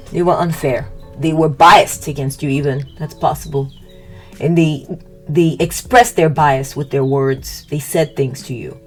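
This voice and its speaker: A woman's voice: sits low, darkish tone. A woman giving a casual tarot reading, rambling and hesitant, often acting out what people might have said. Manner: rambling, hesitant, restarts and fillers, acts out quotes. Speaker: tarot reader.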